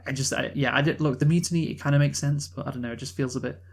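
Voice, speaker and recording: A man chatting through a film review at a middling pitch, rambling and restarting his sentences. He fills gaps with ums and uhs and drops casual swears. The delivery is loose and unscripted. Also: fairly even intonation, rapid-fire, vocal fry. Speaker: podcast co-host reviewing a film. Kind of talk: casual chat.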